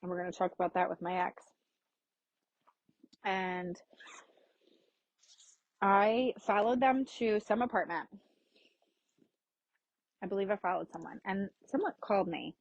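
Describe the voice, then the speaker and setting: A woman's voice: medium pitch, a little slow, long pauses, dry recording, muffled recording. A woman hosting her own podcast, candidly telling a personal story in a frank, casual way that includes swearing. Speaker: podcast host.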